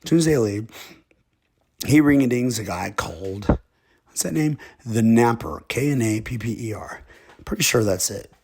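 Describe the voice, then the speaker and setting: A man's voice: medium pitch, lively intonation, normal speed, a little mellow, a little hiss or hum. A man from Texas, telling a rambling comic story with a drawl and chuckling asides. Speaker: comedic storyteller.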